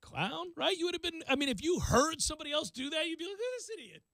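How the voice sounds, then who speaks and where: Radio host guy, animated, self-deprecating, highish bright voice. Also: fast talker, no echo. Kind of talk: casual radio storytelling.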